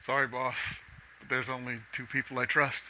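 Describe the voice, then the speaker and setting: A cool, distrustful hired gun , played by a man in a tabletop game, speaks in dry, laconic lines. His voice is bright and sharp. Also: medium pitch, flat delivery, moderate pace, slight background noise, rough recording.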